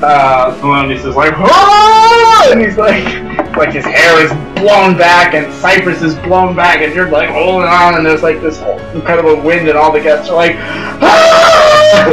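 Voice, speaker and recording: High-voiced rambling male game master. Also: normal speed. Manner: rambling, excitable, many fillers, sound-effect yelps. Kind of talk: narrating a tabletop game. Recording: roomy echo from a distance, music behind.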